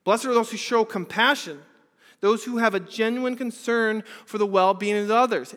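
High-voiced earnest preaching man. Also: moderate pace. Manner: earnest, many rhetorical questions, swings from loud to hushed. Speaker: pastor. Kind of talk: sermon. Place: church service. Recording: reverberant hall.

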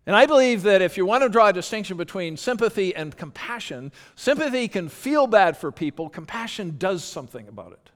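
A man's voice: high voice, very animated, a little fast, hardly any pauses. A man preaching a sermon as pastor, earnest and conversational, often restarting his sentences. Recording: long hall reverb.

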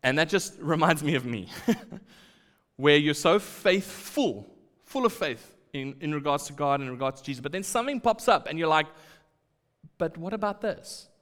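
A man preaching a sermon, acting out quoted lines and dropping to quiet asides. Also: on the high side, animated, moderate pace. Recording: long hall reverb.

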